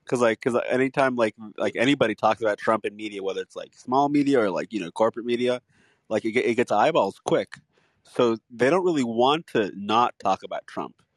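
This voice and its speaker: A young man co-hosting a podcast, chatting in a relaxed way and saying "like" a lot. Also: medium pitch, a little fast, dry recording. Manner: relaxed, heavy use of "like". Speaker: podcast co-host. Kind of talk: casual chat.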